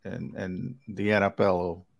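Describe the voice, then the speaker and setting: A man's voice: low-pitched, little pitch movement, takes it slowly, vocal fry. A man co-hosting a casual sports talk show, rambling and emphatic with lots of fillers.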